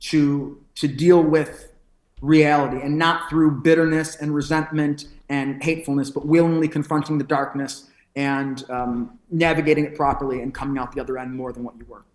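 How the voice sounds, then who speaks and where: A man's voice: fairly high pitch, level tone, moderate pace. A man, a pro wrestler and podcast guest, talking in a thoughtful, philosophical way with frequent restarts. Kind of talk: reflective podcast conversation. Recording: roomy echo.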